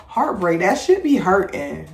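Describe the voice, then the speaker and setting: Lowish woman ranting real blunt, swears a lot, roomy echo. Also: unhurried, creaky, a little hiss or hum. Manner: blunt, profane, animated storytelling. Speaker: podcast host. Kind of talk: casual chat. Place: home room with incense.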